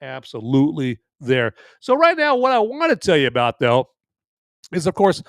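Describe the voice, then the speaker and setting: A man's voice: a little high, huge pitch swings, moderate pace, no echo, studio quality. Rambling, jokey podcast host man. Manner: rambling and jokey, tacks on "right there". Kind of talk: casual live podcast chat.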